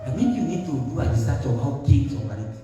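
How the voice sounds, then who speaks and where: A man with a Kenyan accent preaching a sermon as pastor, lively and animated, dropping into Swahili phrases. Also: mid-range voice, fast talker, highs cut off. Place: church. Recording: echoey church hall, voice from a distance, faint music.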